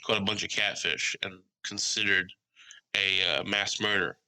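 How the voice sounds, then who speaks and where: Bright-voiced man telling rowdy stories. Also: on the low side, moderate pace, low-quality recording. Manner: animated storyteller, swears freely, mimics voices. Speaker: podcast co-host. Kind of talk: casual podcast chat.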